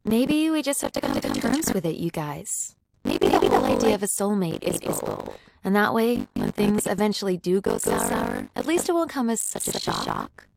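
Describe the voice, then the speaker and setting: A woman's voice: medium pitch, huge pitch swings, moderate pace, vocal fry, very noisy, full character voice. A woman voicing an exasperated single female friend who whines about dating. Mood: whiny. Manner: whiny, outraged.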